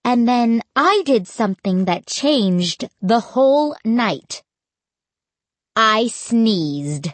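A woman narrating a first-person storybook in a measured, suspenseful way. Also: on the high side, lively intonation, no echo. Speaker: audiobook narrator.

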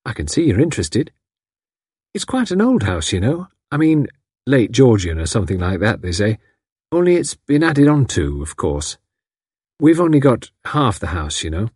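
Reading aloud, a man voices a friendly, chatty country housewife who lives in a lonely house and is a little odd, rambling on in homely talk. His medium-pitched voice is very animated at a normal speed, with a darkish, slightly rough tone. The recording is clean studio sound with no room echo.

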